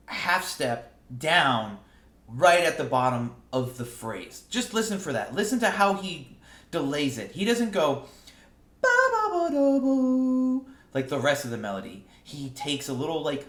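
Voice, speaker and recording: A man teaching saxophone in a relaxed, casual way, often stumbling over and repeating his words. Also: mid-range voice. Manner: relaxed, explains with sung examples, repeats words. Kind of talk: casual music lesson. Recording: roomy echo.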